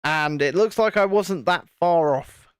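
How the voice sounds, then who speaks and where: A British man chats casually as he hosts a live stream, his talk meandering with many restarts. His voice sits a little higher than most men's, and the sound is dry and close. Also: measured pace, smooth, no room sound. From United Kingdom. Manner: rambling, chatty, frequent restarts. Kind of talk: casual live-stream chat while building.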